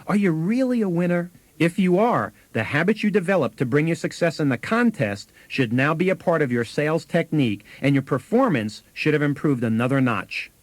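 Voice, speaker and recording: A man's voice: on the high side, animated, a little fast, few pauses, no echo. A man co-hosting a sales training tape, telling anecdotes with acted quotes and chuckles.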